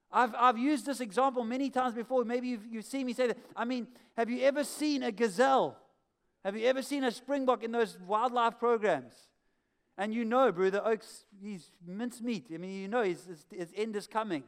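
A man preaching a sermon as pastor, animated and emphatic, often repeating key phrases. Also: sits high, brisk, clear, resonant tone. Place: church hall.

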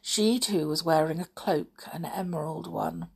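A woman narrating a storybook aloud in a soft, breathy manner that often drops to a whisper. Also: low voice, a little slow. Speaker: storybook reader. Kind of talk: slow audiobook narration.

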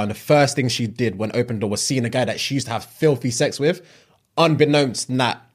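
A young man, co-hosting a podcast in casual, slangy chat that hedges with fillers. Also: medium pitch. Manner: chatty, hedging, slangy. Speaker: podcast co-host.

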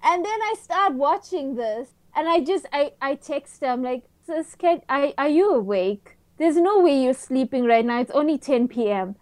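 Podcast co-host, woman, high voice, excitable dramatic storyteller, dry close sound. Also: normal speed, few pauses, no echo. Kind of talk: casual chat.

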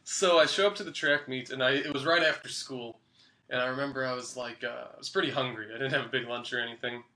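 A man's voice: mid-range voice, fairly even intonation, fast, pushed and bright, echoey room. A young man telling a funny story in casual chat, laughing often and acting out the people in it. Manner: laughs often, acts out quoted voices. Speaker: podcast guest.

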